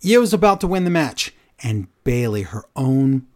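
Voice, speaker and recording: A man with a mid-range voice, speaking a little slowly, co-hosts a podcast. He recaps matches through casual, animated storytelling, putting on voices for the lines he quotes.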